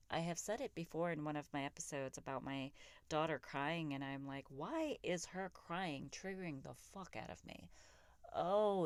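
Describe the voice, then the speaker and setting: A woman's voice: deep voice, dry recording. A woman in her thirties hosting a solo podcast, talking in a raw, profane, emphatic and self-reflective way. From raised in a Pakistani immigrant family. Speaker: podcast host. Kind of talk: candid solo podcast monologue.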